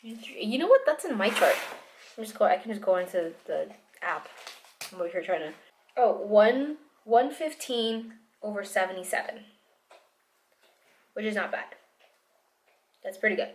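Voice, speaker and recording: Young pregnant woman, casual video-diary vlogger, rambling and self-interrupting, mid-pitched voice, camera mic. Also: animated, normal speed, long pauses. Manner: rambling, with restarts and laughter.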